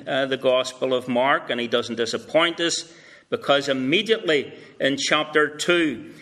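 A man's voice: a little high, pushed and bright. A male pastor preaching a sermon at a carol service, telling a story in a conversational way with asides. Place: church.

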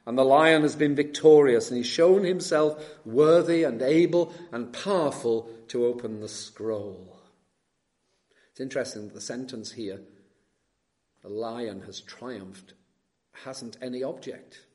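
A man preaching an expository sermon, swinging between soft and loud emphasis and slowing down to stress key words, with questions put to the listeners. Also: mid-range voice.

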